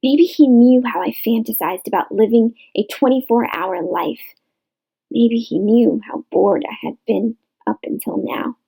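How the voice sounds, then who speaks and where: A woman reading a novel aloud in measured literary narration, in a rough home recording. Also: fairly high pitch, dark tone, poor audio. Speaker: audiobook reader.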